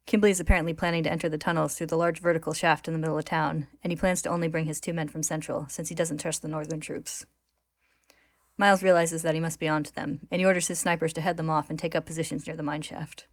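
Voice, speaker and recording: Woman narrator retelling a story, low-pitched, steady and clear, dry close recording. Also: fast talker, no echo.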